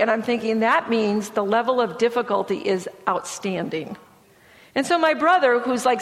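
Speaking at a church gathering, this Michigan woman, a middle-aged therapist, delivers an animated testimony in a mid-range voice and quiets down for weightier side remarks. Long reverb from the hall hangs on every word.

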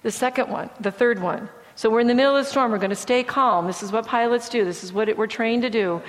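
A woman giving a sermon-style testimony, telling stories in a lively way and acting out what people said. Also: a little high, fast. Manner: lively storytelling, acting out quoted speech. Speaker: speaker sharing testimony. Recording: long hall reverb.

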